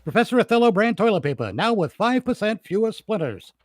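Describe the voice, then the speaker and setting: A man putting on a brash 1940s radio ad pitchman voice with hyped-up sales patter. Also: big pitch swings, brisk, no echo, clean studio sound. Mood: salesy. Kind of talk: 1940s radio parody acting.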